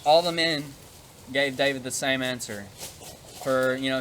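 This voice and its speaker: A man's voice: medium pitch, normal speed, fairly bright tone, slight background noise. A man retelling a Bible story in a casual, conversational way, with frequent fillers, and at one point showing a prop while he talks. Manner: demonstrates a prop while talking.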